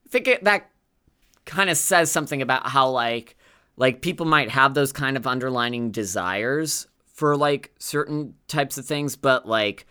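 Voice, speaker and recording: A woman co-hosting a podcast in casual chat, talking in a chatty, animated way with lots of fillers. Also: extremely low pitch, normal speed, smooth. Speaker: podcast co-host.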